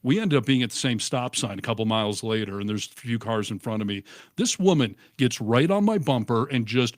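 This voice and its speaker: Animated storytelling man, dry close mic. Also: mid-range voice, fairly quick, dry recording. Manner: animated storyteller, acts out quotes. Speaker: co-host. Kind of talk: casual political chat.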